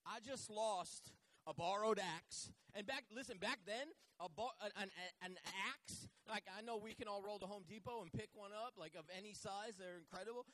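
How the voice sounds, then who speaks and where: Male pastor, high bright voice, energetic sermon storyteller with casual asides. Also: fairly quick, hardly any pauses, dry recording. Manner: animated storytelling, acts out biblical figures in casual voices. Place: church.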